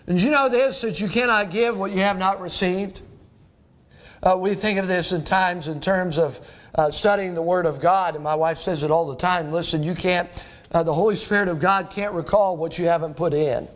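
Middle-aged pastor guy preaching, pretty high voice, reads verses and asks the room questions. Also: moderate pace, a bit bright. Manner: preaching with rhetorical questions and scripture reading. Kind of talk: sermon.

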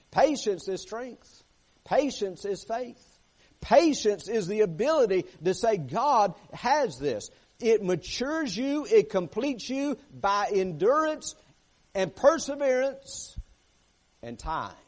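Emphatic preacher man, slightly high voice. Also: big pitch swings, slow, a little mellow. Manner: emphatic, repeats phrases, asks "right?" and "amen?" of the congregation. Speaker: pastor. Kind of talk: sermon.

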